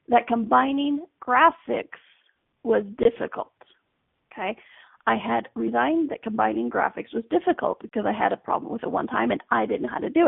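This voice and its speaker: A woman's voice: a little high, vocal fry, husky, no echo. Chatty woman host on a tinny line. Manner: chatty storytelling, acts out her own panicked inner voice. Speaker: radio show host. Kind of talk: casual monologue. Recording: dry, tinny phone-line sound.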